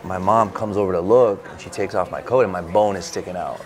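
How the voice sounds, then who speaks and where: A man, an author, telling an animated, casual story at a bookstore event, full of "like" fillers. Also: low voice, brisk, crowd noise. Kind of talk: casual anecdote in an interview.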